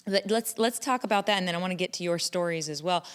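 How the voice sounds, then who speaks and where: A woman with a notably low voice talks through relationship ideas in a casual podcast chat. She is earnest and explanatory, with an occasional swear word. Her voice carries a long, lingering reverb. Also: fast, clear, resonant tone. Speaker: podcast co-host, relationship coach.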